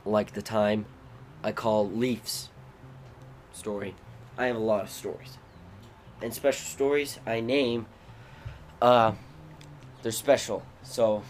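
A man hosting a podcast, telling rambling, animated stories about his family. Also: on the low side, a little hiss or hum. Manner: rambling, animated, bursts into loud acted shrieks. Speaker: podcast host. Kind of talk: casual storytelling.

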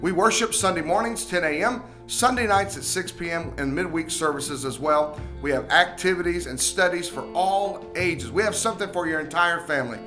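A man reading a scripted church podcast outro in a steady, upbeat way. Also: a little high, moderate pace, few pauses, soft background music. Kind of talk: scripted announcement.

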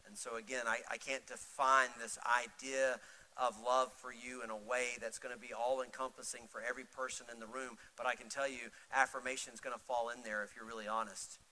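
A middle-aged male pastor preaching a sermon, swinging from loud, urgent pleading to soft, intimate storytelling. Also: medium pitch, little pitch movement, a little fast, rough recording.

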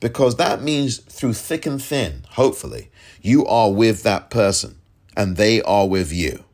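Male podcast host, low voice, lively emphatic delivery, exasperated commentary. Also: unhurried. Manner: emphatic, exasperated, repeats points for stress. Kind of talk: solo political commentary.

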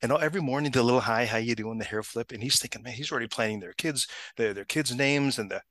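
A man telling a story in a casual chat, animated and acting out the people he quotes. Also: quick pace. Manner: animated, acts out quotes with big pitch jumps, frequent restarts.

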